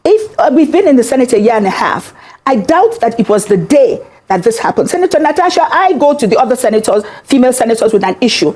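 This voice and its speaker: High-voiced older woman senator, firm. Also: very animated, darkish tone. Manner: firm, measured, defensive. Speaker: senator, interview guest. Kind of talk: interview answers.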